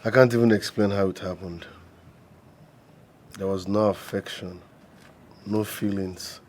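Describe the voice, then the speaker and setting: Male actor as a deep-voiced, unhurried man, defensive in a film. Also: slight background noise, close to an everyday voice. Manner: calm, defensive. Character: calm young man explaining himself. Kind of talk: film drama acting.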